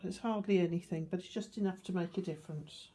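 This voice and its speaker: An older woman gives a calm, explanatory watercolour demonstration, talking through each step as she paints. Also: on the low side, fast talker. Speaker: art teacher.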